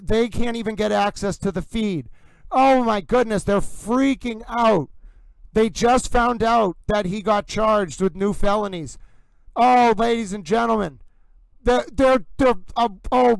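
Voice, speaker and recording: Excitable high-voiced male livestream host. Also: creaky, clean tone, dry recording, poor audio. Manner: excited, addresses "ladies and gentlemen" constantly. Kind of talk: live commentary stream.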